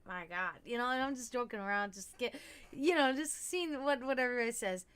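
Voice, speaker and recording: Bright, outspoken woman chatting on stream. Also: sits high, brisk, smooth. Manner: candid, profane, rambling with many fillers. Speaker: livestream host. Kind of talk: casual livestream chat.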